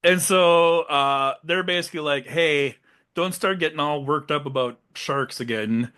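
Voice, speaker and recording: A young man co-hosting a casual movie podcast, retelling scenes with animated quick silly voices. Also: on the high side, smooth. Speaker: podcast co-host.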